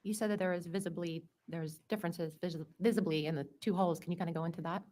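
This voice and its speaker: A woman questioning a witness at a formal hearing, brisk and procedural. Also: on the low side, steady tone, warm tone. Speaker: hearing investigator asking questions.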